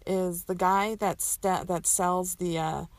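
Gravelly low-voiced woman rambling casually. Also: fairly even intonation, slow, no room sound. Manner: rambling, many fillers and self-corrections. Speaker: community member answering questions. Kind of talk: casual answering of question list.

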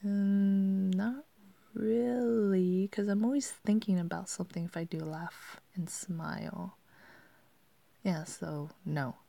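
Young woman chatting to the cam, lots of giggles and whispery bits, kinda low voice. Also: measured pace, gravelly, mellow, no echo. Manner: rambling, giggly, often half-whispered. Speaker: vlogger. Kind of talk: casual questionnaire chat.

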